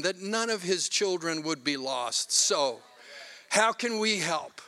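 An older man from Canada, a pastor preaching a sermon with animated, self-mocking stories. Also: high voice, takes it slowly, vocal fry. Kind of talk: sermon with storytelling.

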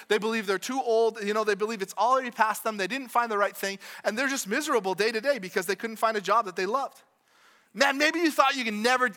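A man preaches to his congregation in a relaxed, conversational style. His voice sits high and bright. He circles back over his own phrases and slips in quick asides as he goes. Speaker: pastor. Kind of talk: sermon. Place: church with congregation.

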